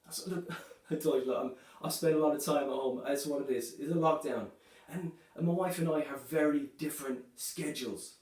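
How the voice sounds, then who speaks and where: A man performing a stand-up comedy set, delivering dark jokes in a loose, chatty way, filling his lines with "you know" and "right". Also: a little high, brisk, few pauses. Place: comedy club stage. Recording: echoey room, voice from a distance.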